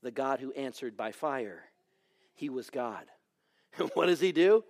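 A man preaching a sermon, telling stories dramatically and swinging from raised exclamations to hushed near-whispers. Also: medium pitch, lively intonation, a little slow, pauses often.

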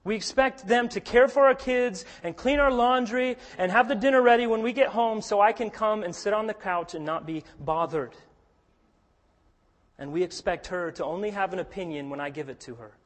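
A man with a high-pitched voice preaches with earnest conviction. He drops to a hush for stories and rises to forceful emphasis on his key points. His voice rings through a hall with a long reverb. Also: moderate pace. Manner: earnest, swings between hushed storytelling and forceful emphasis. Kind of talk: sermon.

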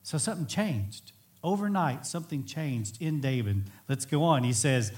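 A man preaching a sermon in an earnest, emphatic way, sometimes swelling to near-shouts. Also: fairly high pitch, sing-song, moderate pace. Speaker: pastor.

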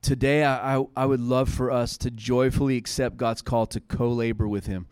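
An earnest male pastor in his thirties delivers a sermon in a casual, conversational way that swells into fervent, higher-pitched appeals. His voice sits at an ordinary pitch. The sound is close and dry, with no room echo. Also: level tone, normal speed, darkish tone, clear, resonant tone.

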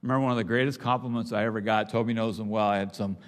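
A man's voice: fairly low pitch, steady tone, very fast. An older man giving a conversational, earnest sermon, with frequent restarts and asides. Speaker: preacher. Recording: long hall reverb.

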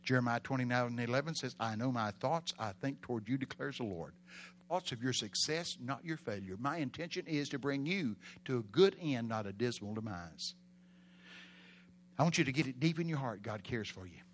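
A man's voice: mid-range voice, animated, brisk, slight background noise. Folksy Texan preacher man. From Texas. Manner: folksy storytelling, bursts of loud emphasis. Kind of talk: sermon.

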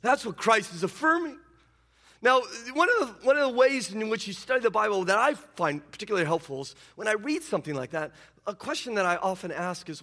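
Bright-voiced emphatic male preacher. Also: lively intonation, fairly quick. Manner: emphatic preaching that swings between loud declarations and low intense asides. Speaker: pastor. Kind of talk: sermon.

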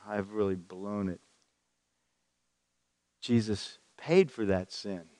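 A male preacher delivering a sermon at an unhurried, deliberate pace, with a voice of ordinary middle pitch. He grows emphatic and rises to stress key points as he reads scripture. A long hall reverb trails his words in the church room. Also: a little mellow.

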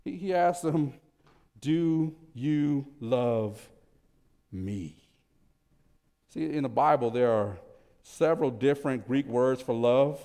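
A male pastor preaching a sermon in a church, animated, swinging between loud emphasis and soft low asides. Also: normal speed. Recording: reverberant church hall.

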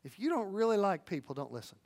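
A man preaching a sermon, earnest and animated, swinging between hushed and loud, with folksy storytelling and asides to the audience. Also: sits high, fast. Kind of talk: sermon on evangelism.

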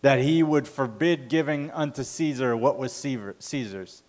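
Male pastor, mid-pitch, casual conversational sermon delivery with fillers. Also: normal speed, a little mellow. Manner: conversational, self-correcting with fillers.

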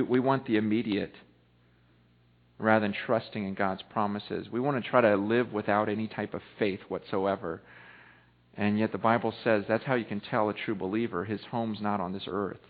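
A male pastor preaching a sermon in church, swinging between loud, impassioned stretches and hushed ones. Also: lowish voice, fairly even intonation, normal speed. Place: church hall. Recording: echoey hall over tinny phone-like audio.

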